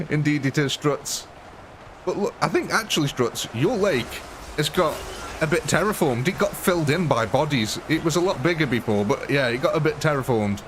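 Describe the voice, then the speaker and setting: A young English man hosting a live game stream, excitable and chatty, laughing often and calling his viewers ladies and gentlemen. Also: on the high side, normal speed, noisy background. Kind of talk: casual live gaming commentary.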